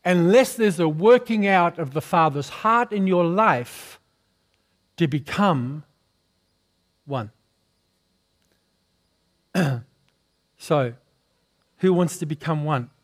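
A male pastor preaching a sermon who keeps putting questions to the congregation and asking for an amen, clearing his throat now and then. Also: fairly high pitch, lively intonation, slow, pauses often. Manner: calls for responses from the congregation, often asks questions.

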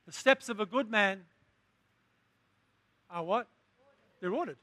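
A man with a high, bright voice and a forceful tone preaches a sermon slowly, with no echo. In call-and-response style he questions the congregation and builds to emphatic lines.

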